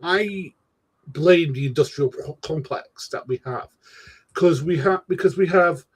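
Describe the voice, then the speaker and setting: A man with a husky, slightly high voice hosts a casual political talk. He rambles and restarts his sentences, with mild slang mixed in. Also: a little slow.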